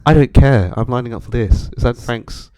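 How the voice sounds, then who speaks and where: A man's voice: mid-range voice, normal speed, dry recording. A young man co-hosting a podcast, telling travel stories in casual chat and acting out the voices of people he quotes. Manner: animated storytelling, acts out quoted voices. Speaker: podcast co-host.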